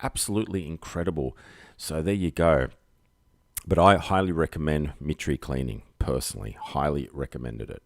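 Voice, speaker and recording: Here an Australian man chats alone on a home livestream, wandering from topic to topic with jokes at his own expense and lots of fillers, speaking into a desk microphone. He has a bass voice at normal speed, captured in studio quality with no room sound.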